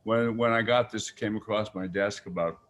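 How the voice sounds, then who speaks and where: Lively older man telling stories. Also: fairly low pitch, a little fast, highs cut off, slight background noise. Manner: animated storyteller, acts out quotes in a raised voice. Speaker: guest. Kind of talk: casual interview chat.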